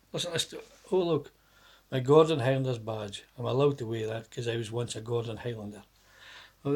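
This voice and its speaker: A man's voice: medium pitch, breathy edge. A man telling a long spoken joke story, rambling, stopping to correct himself and laughing at his own jokes.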